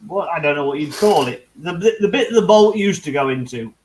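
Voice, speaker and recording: A man's voice: on the high side, lively intonation, a little fast, darkish tone, slight background noise, rough recording. A man from the UK chatting casually with friends, rambling through stories, swearing freely and laughing at himself. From United Kingdom. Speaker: hangout host. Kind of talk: casual chat among friends.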